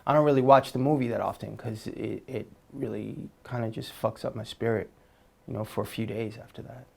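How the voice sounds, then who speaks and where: A man telling stories in a relaxed, slangy way as an interview guest, with many fillers and restarts. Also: lowish voice, fairly quick, creaky. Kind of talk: casual storytelling.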